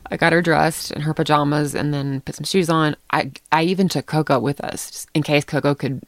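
Middle-aged lady telling a story, animated, laughs a lot, dry close sound. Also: deep voice, fairly quick, no room sound. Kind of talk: casual chat.

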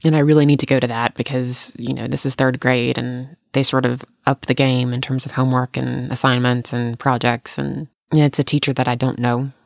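A middle-aged woman co-hosting a casual chat, telling animated stories and laughing often. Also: a bass voice, brisk, gravelly, hardly any pauses, dry recording, studio quality.

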